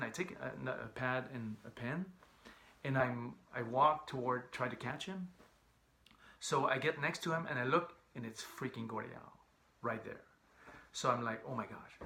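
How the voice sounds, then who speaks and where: A man's voice: medium pitch, a little hiss or hum. A man from Montreal with a Quebec French accent, a French speaker, telling a casual personal story and acting out the voices of the people in it. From Montreal, Canada. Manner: animated, acts out the voices of people in his story.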